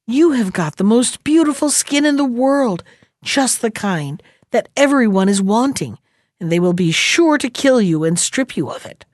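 A woman's voice: a little high, expressive, normal speed, no room sound, studio quality, voice pushed up, natural voice. A woman voicing a blunt, cheeky young boy who gives warnings in a folktale. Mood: urgent. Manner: bright, insistent warnings.

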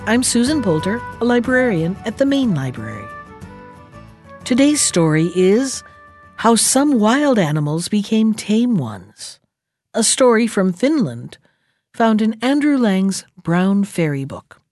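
Lively woman reading a folktale. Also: medium pitch, unhurried, no room sound, clean studio sound, soft background music. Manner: lively, expressive storytelling. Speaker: librarian and storyteller. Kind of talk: storybook read-aloud narration.

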